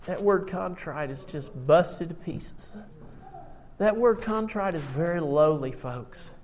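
High-voiced, slow older preacher. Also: male voice, lively intonation, a little mellow, slight background noise. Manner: emotional, reads scripture aloud with rising emphasis. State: tired from little sleep. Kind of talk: sermon.

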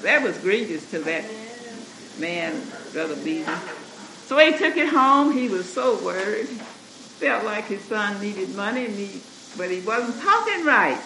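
Man preaching, high voice, slow lively delivery, echoey church recording, background noise. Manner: lively preaching with laughter and call to the congregation. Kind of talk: sermon with scripture readings.

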